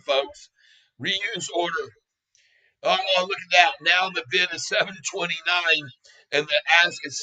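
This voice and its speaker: A man with a bright, forceful and slightly raised voice, talking excitedly through a live stock stream. He laughs often and keeps calling out to his viewers as folks. He sits a little back from the mic. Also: on the high side, far from the mic, rough recording. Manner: talks straight to viewers as folks. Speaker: stock market livestream host. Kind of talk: live casual stock-trading commentary.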